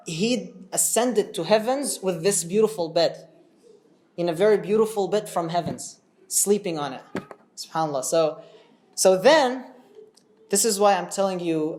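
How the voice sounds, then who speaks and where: Casual, animated male religious storyteller; chats with the audience as he goes. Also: on the high side. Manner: animated, chatty, asks the audience questions.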